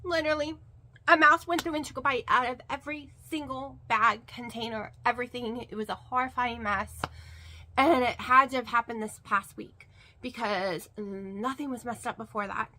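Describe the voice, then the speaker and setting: A woman vlogger chats to her camera in a high, bright voice. She rambles with fillers and repeats words for emphasis. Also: normal speed, slight background noise. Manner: rambling and chatty, with many fillers. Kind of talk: casual chat to camera.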